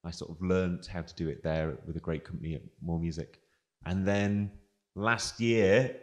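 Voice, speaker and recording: A man's voice: sits low, moderate pace. A man from northwest England with a northern English accent, a guest musician in a casual livestream interview, telling stories and acting out the voices of the people he quotes. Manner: lively storyteller who acts out quoted voices.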